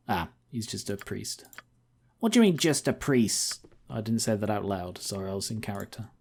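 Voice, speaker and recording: A man's voice: on the low side, expressive, normal speed, creaky, breathy edge. A man hosting a let's-play, chatting casually and thinking aloud as he plays. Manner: rambling, thinks aloud with fillers and asides. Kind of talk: casual game commentary.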